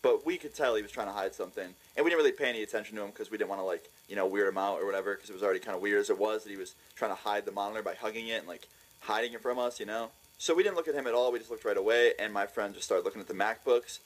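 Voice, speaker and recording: A young man telling a funny story for a vlog, excitable and profane, laughing as he goes. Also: lowish voice, racing, poor audio. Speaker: vlogger.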